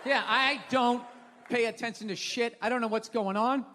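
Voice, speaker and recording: A middle-aged man doing stand-up comedy, ranting loudly with profanity and dropping to mumbles between yells. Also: very high-pitched, fairly even intonation, moderate pace. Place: large theater stage. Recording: live theater recording with long hall reverb and crowd noise. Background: audience laughter and applause.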